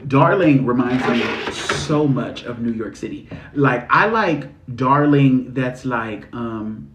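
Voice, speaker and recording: A man giving spiritual readings on a livestream, talking in a sassy, slangy, animated way. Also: mid-range voice, a little slow, muffled recording, slight background noise. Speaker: spiritual reader. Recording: echoey room.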